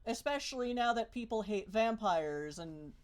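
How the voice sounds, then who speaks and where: A woman's voice: a little high, expressive, normal speed. A woman narrating as game master of a tabletop role-playing game, rambling with many fillers and restarts.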